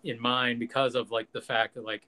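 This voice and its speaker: A man's voice: mid-range voice, flat delivery, a little fast, bright, forceful tone. A man hosting a podcast, ranting in casual, profane, jokey chat and acting out quotes. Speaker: podcast host.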